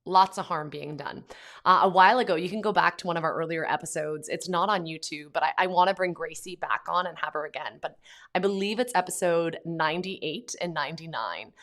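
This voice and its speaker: A woman with a notably low voice talks earnestly on her own podcast, loose and conversational. She fills her pauses with ums and likes, and her sentences wander and restart. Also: fairly bright tone. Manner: earnest, conversational, many fillers. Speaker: podcast host. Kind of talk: casual monologue.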